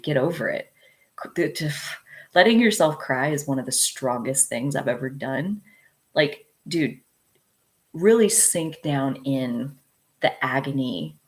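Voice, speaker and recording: Low-voiced chatty woman. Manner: chatty, frank, laughs often, says "like" and "dude" a lot. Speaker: astrologer host. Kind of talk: casual spoken astrology talk.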